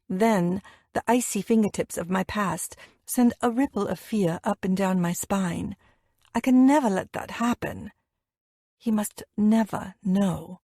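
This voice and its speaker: A woman narrating a first-person romance audiobook in an intimate, expressive way, voicing the dialogue as she reads. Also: mid-range voice, unhurried, dry recording, studio quality.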